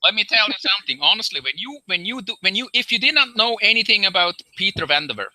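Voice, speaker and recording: A man's voice: sits high, sing-song, fast talker, over a noisy crowd, poor audio. A man in a casual group chat, blunt and profane, often restarting and repeating himself. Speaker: livestream chat participant.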